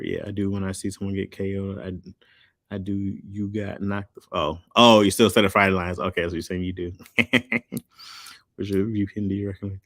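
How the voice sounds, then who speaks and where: A man's voice: low voice, fairly even intonation, normal speed, a bit bright, no room sound, studio quality. A man streaming live, chatting casually in loose slang and answering chat. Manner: loose slangy talk, reads chat aloud.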